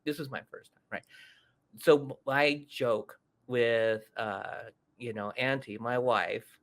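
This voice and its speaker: Middle-aged guy hosting a podcast, telling a story all animated, does the voices of people he quotes. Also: mid-range voice, takes it slowly. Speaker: podcast host. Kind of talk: casual storytelling chat.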